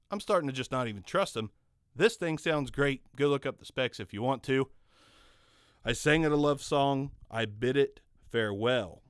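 A man with a medium-pitched, fairly bright and clean tone is heard in a dry recording. He's a channel host offering casual gear talk about a microphone he's testing, rambling and joking at his own expense, recorded on a condenser studio mic in a home studio.

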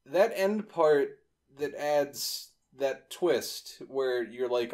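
Young male co-host, mid pitch, crude and jokey, rambling casual delivery. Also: lively intonation, drawn-out words, a little mellow. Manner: profane, joking, rambling. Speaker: podcast co-host. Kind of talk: casual chat.

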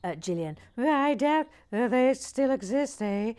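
Slow-talking woman building lego live, dry jokes, drops to a murmur while she fiddles with pieces. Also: fairly high pitch, animated, darkish tone, clean tone. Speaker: Lego building channel host reading live chat. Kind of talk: relaxed live building stream with chat reading.

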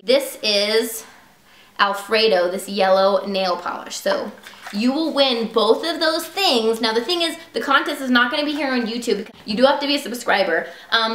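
A woman's voice: on the high side, fairly bright tone. A woman beauty vlogger chatting casually and gushingly about products she loves. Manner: gushing, chatty, lots of "like" and "super". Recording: echoey room.

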